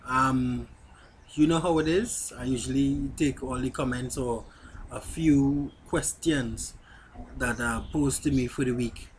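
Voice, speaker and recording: A man's voice: medium pitch, fairly even intonation, a little slow. Guy vlogging, blunt and straight up, middle voice, a bit of faint noise. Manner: blunt, candid, addresses viewers directly. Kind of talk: casual talk to camera.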